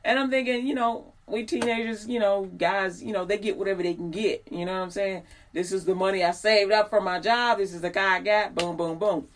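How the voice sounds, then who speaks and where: A woman's voice: mid-range voice, fairly even intonation, brisk, hardly any pauses, a little hiss or hum. Chatty woman telling a story. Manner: chatty, digressive, acts out quoted people. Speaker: host. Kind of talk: casual storytelling monologue.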